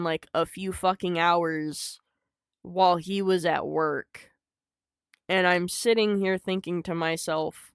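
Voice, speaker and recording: A woman's voice: lowish voice, clean tone, no room sound. A woman telling a personal story unscripted, in a blunt, rambling and emotional way, swearing a lot.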